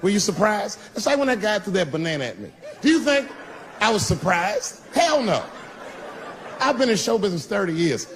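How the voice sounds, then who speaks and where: Brash middle-aged male stand-up, lively pitch. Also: moderate pace. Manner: brash, crude punchlines with mocking asides. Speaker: stand-up comedian. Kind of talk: stand-up comedy set. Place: live comedy stage before an audience. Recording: live stage recording with audience noise.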